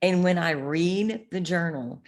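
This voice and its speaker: A woman's voice: on the low side, measured pace. A middle-aged woman co-hosting a podcast, chatting casually and telling candid stories, swearing freely. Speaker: podcast co-host. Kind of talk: casual chat.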